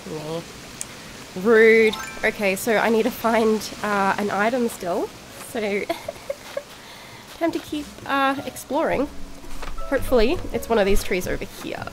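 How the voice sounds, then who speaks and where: High-voiced, excitable woman gamer. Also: a little slow, long pauses, soft background music. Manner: chatty, excitable, cheerfully swears at the game. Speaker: gaming video creator. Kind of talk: casual let's-play commentary.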